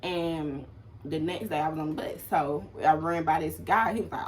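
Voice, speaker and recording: A young woman with an Atlanta accent, telling a story in casual vlog style, animated and swearing freely. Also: moderate pace, slight background noise. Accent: Southern US, Atlanta. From Atlanta, USA. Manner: animated, swearing, acts out quoted people in sudden loud high bursts. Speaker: vlogger.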